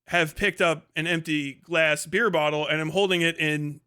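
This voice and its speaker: A man's voice: fairly high pitch, fairly even intonation, normal speed, bright, forceful tone, clean tone. A male livestream host telling a rambling, profane story in a casual way, with lots of filler words.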